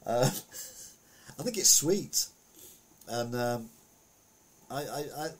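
Husky man, chatty news commentary. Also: medium pitch, animated, extremely slow. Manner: rambling, chatty, anecdotal with asides. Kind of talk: casual commentary on the week's news.

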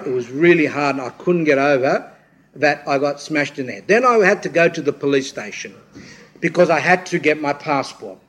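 A middle-aged man delivering an informal church sermon, his voice sitting a little high for a man. He rambles through personal anecdotes, often restarts his sentences, and acts out the people he quotes. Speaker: speaker at a church talk.

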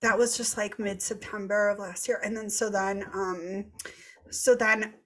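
A woman in her thirties hosting a podcast, telling a story in casual chat, animated and laughing as she goes, swearing freely. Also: medium pitch, measured pace. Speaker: podcast host.

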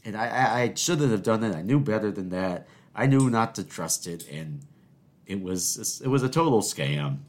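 A man's voice: lowish voice, moderate pace. A man hosting a solo podcast, rambling through stories and scolding himself by name, with lots of stammered repeats. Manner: talks to himself in the second person, animated storytelling with repeated "I, I". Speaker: podcast host.

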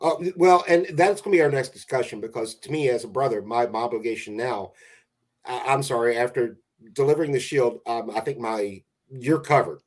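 A man's voice: mid-range voice, brisk. A man who is a guest on a casual podcast, talking in a laid-back, rambling way with frequent restarts.

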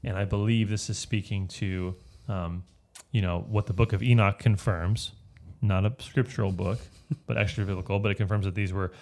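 Low gravelly man teaching Bible study. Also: fairly even intonation, moderate pace, a little mellow. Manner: explanatory, checks in with frequent "right?".

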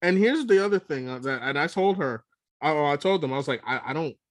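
A man co-hosting a pop-culture podcast in casual chat, talking in halting bursts with lots of restarts and swearing. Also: on the high side, expressive, no room sound. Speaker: podcast co-host.

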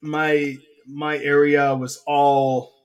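A man hosting an interview podcast, chatting casually and telling lively anecdotes. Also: on the high side, drawn-out words. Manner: animated, acts out voices in anecdotes. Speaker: podcast host. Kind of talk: casual chat, storytelling.

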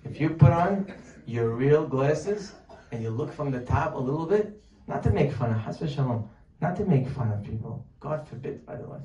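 Male preacher, mellow voice from a distance in a roomy hall, lively rhetorical delivery. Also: mid-range voice, normal speed, highs cut off. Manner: animated, rhetorical questions, acts out pleading voices. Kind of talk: sermon. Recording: distant mic, echoey room, faint noise.

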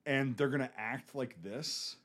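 A man's voice: medium pitch, measured pace, fairly bright tone. A man from the United States co-hosts a film podcast with his voice sitting in a middle register. He talks in loose, rambling explanations peppered with swearing. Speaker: podcast co-host. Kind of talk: casual chat.

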